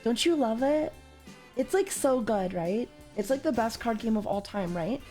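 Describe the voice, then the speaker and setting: A young woman from Canada chatting casually as a streamer while playing a card game, with sudden loud, high exclamations. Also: animated, moderate pace, soft background music.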